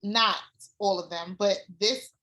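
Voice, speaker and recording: Candid bright-voiced woman guest. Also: mid-range voice, slow. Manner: animated, candid, swears freely, repeats herself. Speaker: former doula client, guest. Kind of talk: personal storytelling in casual chat.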